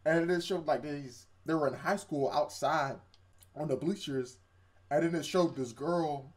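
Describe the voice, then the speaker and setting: A young man recaps an anime episode in a casual, animated way, acting out the characters' lines and breaking into laughs. His voice sits a little high for a man. He rambles loosely through the plot, piling on "and then" as he goes. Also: a little slow. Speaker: co-host reviewing anime. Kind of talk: casual chat.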